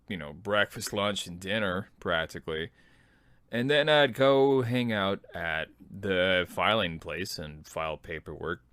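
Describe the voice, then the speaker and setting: A man in his thirties, an army veteran, telling his own story as a podcast host in a relaxed, self-deprecating way. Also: deep voice, smooth, dry recording, studio quality. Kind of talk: personal memoir storytelling.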